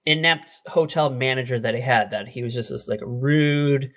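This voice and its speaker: A man's voice: medium pitch, moderate pace, a bit bright. A man co-hosting a podcast, casually recapping a TV episode, laughing often and swearing freely. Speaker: podcast co-host.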